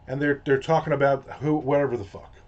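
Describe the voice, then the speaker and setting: A man hosts a casual, ranting monologue, telling a story in a profane, exasperated way. His mid-range voice is steady in tone and fast, and the audio is dull and lo-fi.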